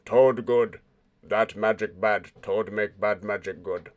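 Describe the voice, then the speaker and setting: Man putting on a deep flat monotone creature voice, loud, broken speech, low-pitched. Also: takes it slowly, slight background noise. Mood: insistent. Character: gruff monotone creature Haji Baji.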